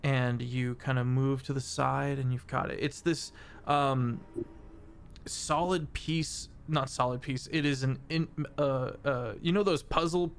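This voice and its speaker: With a medium-pitched, gravelly voice, fairly even intonation and a slightly slow pace, this man runs a tabletop game as game master. He gropes for words while describing scenes, using fillers and restarting sentences, over a little hiss or hum.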